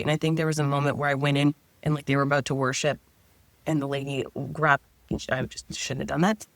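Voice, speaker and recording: A woman's voice: sits low, fairly even intonation, normal speed, no room sound. A middle-aged woman, a guest, telling a personal story in a casual, chatty way, often saying 'like' and voicing her own past thoughts aloud.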